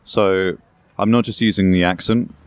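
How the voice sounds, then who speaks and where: A man's voice: sits low, fairly even intonation, normal speed, smooth, dry recording. An English man being interviewed, explaining things at length in a conversational way with asides and a bit of hyperbole. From England. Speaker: guest.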